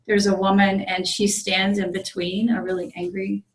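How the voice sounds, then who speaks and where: A woman priest telling a story in a relaxed dharma talk, with frequent fillers and restarts. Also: medium pitch, normal speed. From United States. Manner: conversational, many fillers and restarts. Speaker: visiting Zen priest giving a dharma talk. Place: meditation group room. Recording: roomy echo.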